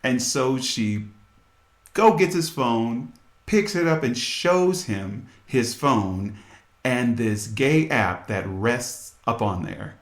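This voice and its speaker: A man's voice: mid-range voice, animated, takes it slowly. A man hosting a podcast, telling a story and making earnest, preachy appeals to his listeners. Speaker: podcast host and musician. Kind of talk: storytelling radio talk with scripture.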